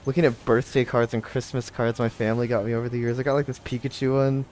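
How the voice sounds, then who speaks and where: A man's voice: mid-range voice, flat delivery, fast talker, a little mellow, slight background noise. A young man in a mid-range voice chats with his friends during a let's play. He rambles and teases in an easygoing, offhand way. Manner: rambling, teasing. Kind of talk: casual chat over gameplay.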